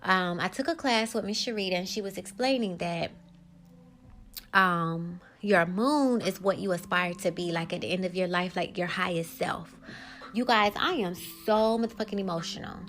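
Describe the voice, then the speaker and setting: A woman's voice: on the low side, normal speed, a bit bright, slight background noise. A woman hosting a solo podcast who talks in a candid, emphatic, rambling way. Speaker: podcast host.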